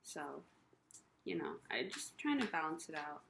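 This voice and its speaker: A young woman with a low, dark-toned voice talks through her frustrations in a personal vlog. She rambles and circles back, leaning on ums and you-knows, and sounds emotional and worn down. A faint hiss of noise sits under her voice. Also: wildly swooping pitch, unhurried, creaky. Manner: rambling, confessional, many fillers. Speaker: vlogger. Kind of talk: personal rant to camera.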